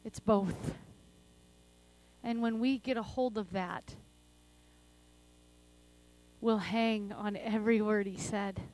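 A middle-aged woman preaching a sermon and praying, passionate, laughing often and swinging between soft and loud delivery. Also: mid-range voice, fairly even intonation, slow, long pauses. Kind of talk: sermon with prayer.

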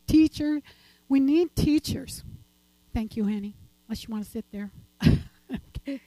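Older lady sharing her testimony at church, rambly and laughy, kinda high warm voice. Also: no echo, low-quality recording. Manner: chatty and rambling, laughing often. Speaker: church speaker giving testimony. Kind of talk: informal church talk and testimony.

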